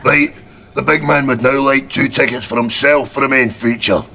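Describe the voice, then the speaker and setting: An actor playing a crude, bullying Scottish cinema bouncer hurling threats and insults. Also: male voice, medium pitch, steady tone, moderate pace, gravelly, sharp tone, a little hiss or hum. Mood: threatening.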